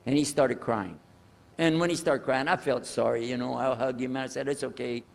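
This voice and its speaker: An older man telling a personal story to an audience, animated and acting out the people in it. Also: medium pitch, a little fast, creaky. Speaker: speaker telling his conversion story. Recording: echoey hall.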